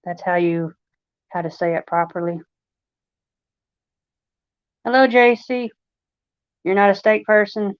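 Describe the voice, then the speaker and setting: A woman's voice: medium pitch, slow pace, pauses often, clear, resonant tone, no room sound. A woman with a Long Island accent hosting a casual livestream, chatting in a rambling way full of fillers. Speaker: livestream host. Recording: dry, slightly dull lo-fi recording.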